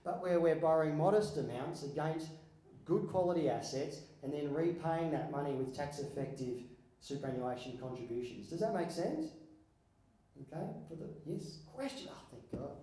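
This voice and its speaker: A man's voice: fairly high pitch, animated, normal speed, warm tone, echoey room, low-quality recording. Man giving a money seminar. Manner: conversational, asks the audience questions, wry asides. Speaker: financial adviser presenting at a seminar. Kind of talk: seminar presentation to an audience. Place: conference hall.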